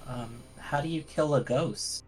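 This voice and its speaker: A man's voice: mid-range voice, a little slow, soft background music. A man playing in a tabletop game, chatting casually with joking asides. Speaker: player.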